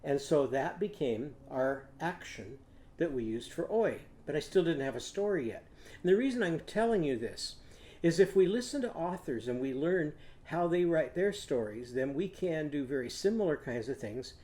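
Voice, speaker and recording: An older man, a teacher, leading a children's phonics lesson in a gentle, patient way and prompting the kids to repeat after him. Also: a little high, lively intonation, normal speed.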